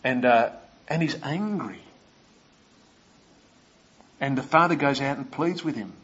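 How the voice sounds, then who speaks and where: A man's voice: medium pitch, unhurried, fairly bright tone, slightly rough, dull audio. A man preaching a sermon, retelling stories and asking his listeners questions.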